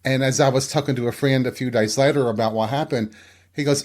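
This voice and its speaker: A man's voice: mid-range voice, brisk. A middle-aged man hosting a show, frankly telling a personal story in a casual, candid and profane way. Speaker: podcast host.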